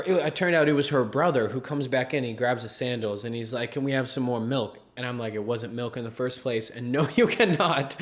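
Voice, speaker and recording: Animated man telling a story. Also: mid-range voice. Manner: animated storyteller, acts out quotes with laughs. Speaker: podcast co-host. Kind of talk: casual storytelling chat.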